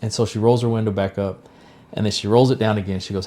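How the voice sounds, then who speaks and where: A man's voice: on the low side, quick pace. A middle-aged man, co-hosting a podcast, telling a personal story casually and acting out the lines of people in it. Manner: animated storyteller, acts out quoted lines. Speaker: podcast co-host.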